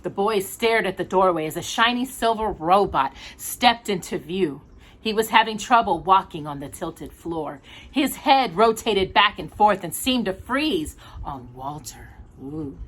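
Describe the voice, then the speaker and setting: A woman reading a picture book aloud as a storyteller, with an expressive, animated delivery. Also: medium pitch, unhurried.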